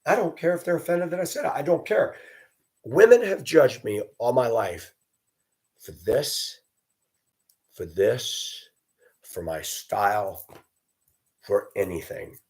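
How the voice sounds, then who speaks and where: A man's voice: mid-range voice, lively intonation, moderate pace, darkish tone. A man hosting his own video, delivering a blunt, combative, profane rant and mocking others in a raised voice. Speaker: video host. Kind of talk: ranting monologue.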